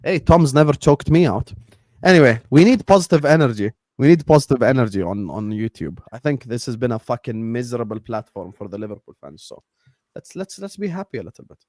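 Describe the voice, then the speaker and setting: A man's voice: medium pitch, expressive, brisk, darkish tone, no echo, clean studio sound. A man co-hosting a live football fan stream, teasing and swearing freely. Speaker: co-host of a football fan show.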